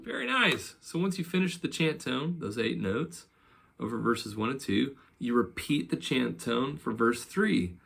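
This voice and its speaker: A man who teaches psalm chanting in an unhurried, gentle way, with many ums and uhs. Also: medium pitch, expressive, vocal fry, faint music behind. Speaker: church music teacher. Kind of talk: teaching psalm chanting, speaking and singing examples.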